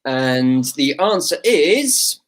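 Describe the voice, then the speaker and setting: A man co-hosts a quiz, with a voice a touch higher than usual for a man. He talks through the answers in a casual way and pokes fun at himself. The delivery stays loose and chatty. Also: big pitch swings, extremely slow. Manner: chatty, joking, self-deprecating. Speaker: quiz co-host.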